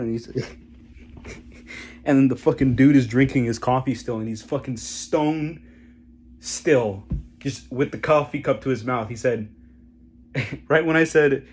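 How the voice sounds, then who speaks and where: A man's voice: medium pitch, unhurried, pauses often, a little mellow. Rambling, profane male storyteller. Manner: rambling, profane, frequent laughter, trailing off into mumbles. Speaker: vlogger. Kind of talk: casual storytelling.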